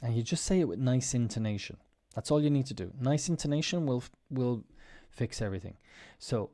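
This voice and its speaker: A man's voice: mid-range voice, animated, a little fast, few pauses, mellow. A man teaching English in a casual spoken lesson. He explains patiently and repeats example phrases with strong intonation. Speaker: podcast host.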